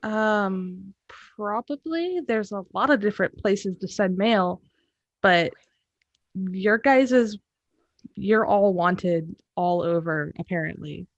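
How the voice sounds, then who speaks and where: A woman's voice: medium pitch, slow pace, dry recording. A young woman speaking as a player in a tabletop game, chatty and in character. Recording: dull, dry mic.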